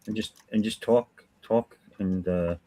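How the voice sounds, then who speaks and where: A man hosting a relaxed live drawing stream, joking and rambling in casual chat with a friend. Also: on the low side, measured pace. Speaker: comic artist streamer.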